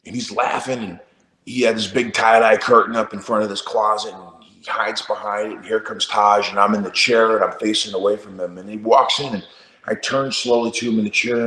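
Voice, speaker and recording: Low-voiced man telling wry stories. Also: brisk, reverberant. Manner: relaxed, wry storyteller. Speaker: musician guest. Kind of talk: casual anecdote in an interview.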